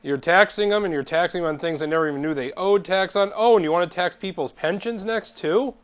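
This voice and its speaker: Sarcastic ranting man, a little high. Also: fast talker, clear, resonant tone. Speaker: co-host. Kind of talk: casual chat.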